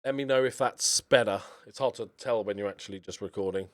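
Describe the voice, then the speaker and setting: Speaking briskly in a lowish voice, a man streams a football management game, chatting through the let's-play and rooting for his team as each match plays out. A desk microphone picks him up.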